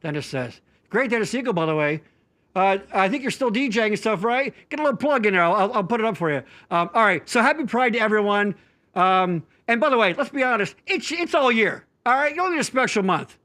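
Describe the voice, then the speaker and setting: High, lively, bright-voiced male host. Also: a little fast. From Pennsylvania. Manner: excitable, jokey, rambling. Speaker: podcast co-host. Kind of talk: casual chat show hosting.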